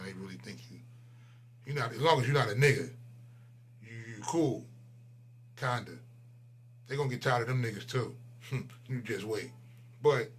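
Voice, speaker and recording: A man in his forties, a channel host, delivering a profane, heated ranting monologue that swings between loud outbursts and low mutters. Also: a little hiss or hum. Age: 40s.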